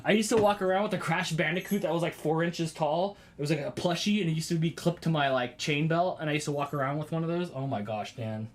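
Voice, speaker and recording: A man in his thirties with a fairly high voice, chatting loosely with his viewers on a livestream from home. He rambles from one thing to the next and breaks into excited exclamations. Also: fast, hardly any pauses. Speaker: vlogger hosting a livestream. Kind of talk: casual livestream chat with viewers.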